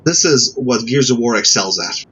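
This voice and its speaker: A man walks through a video game in casual review commentary, stumbling over words and restarting his sentences. His voice sits at an ordinary middle pitch. A steady noise hangs behind the recording. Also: moderate pace, lo-fi sound. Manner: hesitant, stammers and restarts often.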